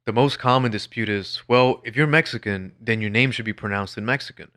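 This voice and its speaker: A man tells his own story in a scripted, measured narration, wry and blunt with a sardonic edge. His voice sits a little low but has a bright, forward tone.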